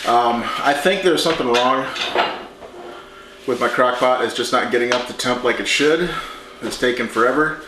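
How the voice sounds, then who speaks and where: A man hosting a home cooking show, talking through a recipe in a relaxed, chatty way as he works in his kitchen. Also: medium pitch, normal speed, noisy background. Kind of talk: casual cooking demonstration. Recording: echoey kitchen with clattering dishes.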